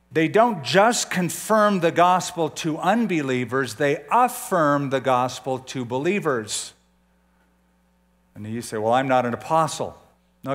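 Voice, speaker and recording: An older man preaching a conversational sermon as a pastor, often putting questions to his listeners. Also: medium pitch.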